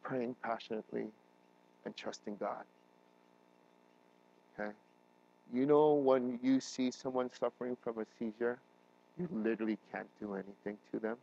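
A man's voice: mid-range voice, steady tone, moderate pace, creaky, pauses often, lo-fi sound, a little hiss or hum. Earnest, emotional male pastor preaching. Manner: emotional, voice rising and breaking while retelling a crisis; earnest preaching, building to loud emphatic peaks. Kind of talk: sermon.

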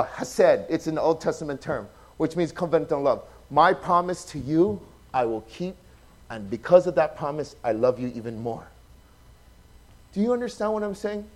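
A pastor, preaching a sermon that swings from loud, emphatic passages to soft, hushed ones. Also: male voice, sits high. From Hawaii.

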